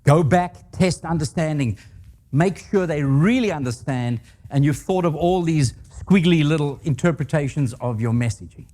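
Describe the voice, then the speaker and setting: A man's voice: on the high side, lively intonation, normal speed, mellow. An older man giving a leadership talk to a live audience, telling stories with humor and asking the audience questions. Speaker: guest speaker.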